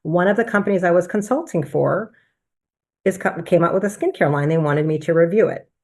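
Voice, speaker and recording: A woman with a somewhat low-pitched voice recounts a personal experience, animated and conversational. She speaks as a physician addressing a business presentation and tells the story with plenty of energy. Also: fairly quick. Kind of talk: personal testimonial talk.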